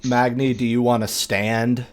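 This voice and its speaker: A man narrating a tabletop game as game master, relaxed and often pausing on fillers. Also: medium pitch.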